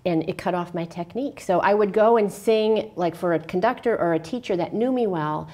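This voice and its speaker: A woman with a fairly low voice talks a little fast as she tells stories in a casual TV interview at a local cable studio. Having once sung opera, she performs the quoted voices and sings snippets, full of animation.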